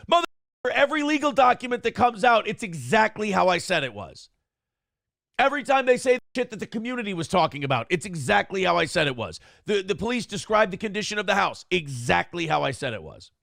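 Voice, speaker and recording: A man's voice: high-pitched, creaky, fairly bright tone, no echo, studio quality. A man hosting a live stream, ranting combatively and profanely at his chat, boastful and blunt. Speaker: streamer and show host.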